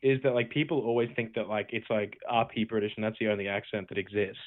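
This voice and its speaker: A man's voice: fairly low pitch, fast. A man speaks as a laid-back podcast guest, talking loosely with plenty of fillers and a playful tone. His voice comes through a thin, phone-like video-call line. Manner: relaxed, filler-heavy, playful. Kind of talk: casual chat. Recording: tinny phone-like call audio.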